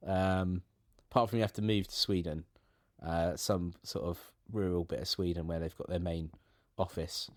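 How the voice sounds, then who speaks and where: Rambling man, low pitch, joking tangents, casual podcast chat. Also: fairly even intonation, normal speed, few pauses, no room sound, clean studio sound. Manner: rambling, jokey tangents with many restarts. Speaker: podcast co-host. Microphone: remote call.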